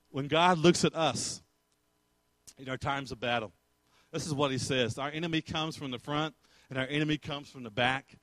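Male preacher, brighter slightly high voice, dry close sound, emphatic storyteller. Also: no room sound. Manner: emphatic, storytelling, acts out quotes and laughs. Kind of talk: sermon.

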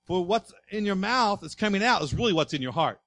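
A male pastor preaching in a high voice. He swings from soft asides to loud, driving passages and keeps asking the congregation questions. The sound is dry and close. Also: lively intonation, fairly quick, no room sound. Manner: asks the congregation rhetorical questions. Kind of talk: sermon.

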